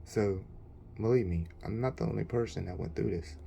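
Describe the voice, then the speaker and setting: A man's voice: lowish voice, normal speed, creaky, warm tone, a little hiss or hum. A man telling an indignant, rambling story about a bad experience, in a casual vlog. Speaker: vlogger.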